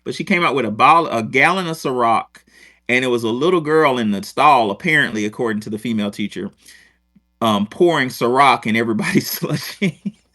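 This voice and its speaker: This is a middle-aged man telling a long story in casual chat. He swears often and wanders off into asides while his voice sits at an ordinary middle pitch. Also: brisk. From Rochester, New York. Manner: profane, digressive, animated. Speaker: podcast host, former teacher.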